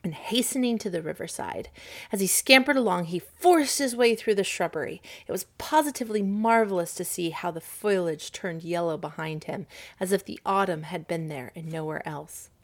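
A woman reading a storybook aloud as narrator, expressive and gently paced. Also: on the low side, normal speed.

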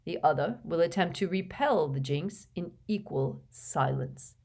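A woman voicing a cold, sneering male professor in an audiobook reading, speaking in a slow, dismissive, cutting manner. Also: lowish voice, creaky, darkish tone, breathy edge, heavily acted. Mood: cold disdain.

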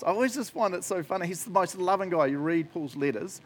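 A man's voice: sits high, lively intonation, quick pace, hardly any pauses. A man giving a casual, joking sermon, often laughing as he talks. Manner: chatty, jokey, laughs often. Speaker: preacher.

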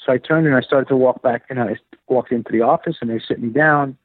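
A man telling an animated, filler-heavy story about his acting career, slipping into the voices of the people he quotes. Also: mid-range voice, fast talker, husky, no echo. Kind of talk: casual storytelling interview. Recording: dry, phone-like narrow sound.

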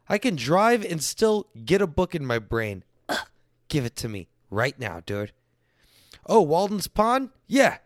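A man around thirty doing a profane stand-up style rant, swinging between loud bursts and low mutters. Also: big pitch swings, measured pace, dry recording, clean studio sound. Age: late 20s to early 30s. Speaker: comedian.

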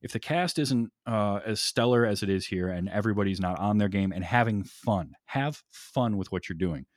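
A man with a lowish voice talks through an old comedy film in loose, enthusiastic chat. He restarts his sentences often and laughs easily. The sound is dry and close. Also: moderate pace, no echo. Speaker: podcast co-host. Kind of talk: casual movie discussion.

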